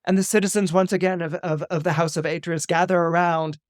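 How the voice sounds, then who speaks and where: A man doing a shrill pleading old queen. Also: flat delivery, brisk, no room sound, studio quality, close to an everyday voice. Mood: terrified. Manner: shrill, shouting pleas. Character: aging queen of Greek myth, terrified, pleading.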